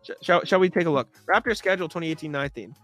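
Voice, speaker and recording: A young man on a sports podcast, working himself into a sarcastic, exasperated rant full of throat clearing. His voice sits a little high and sounds bright. Faint music plays underneath. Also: rapid-fire. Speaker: podcast co-host.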